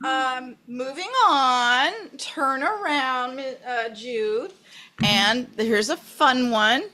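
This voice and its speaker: A woman hosting a virtual party guessing game, bubbly and quick to cheer. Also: sits high, pushed and bright. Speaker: game host.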